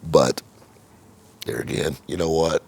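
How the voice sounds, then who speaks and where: Gravelly low-voiced man rambling. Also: slow pace, a little mellow. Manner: rambling with repeated "just" and profanity. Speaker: car dealer and channel host. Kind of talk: casual storytelling monologue.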